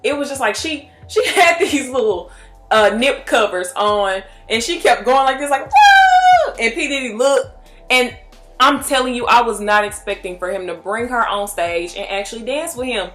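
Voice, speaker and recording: Excited chatty young woman reviewing a movie. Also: a little high, normal speed, soft background music. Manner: excited, chatty, with frequent restarts. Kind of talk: casual vlog review.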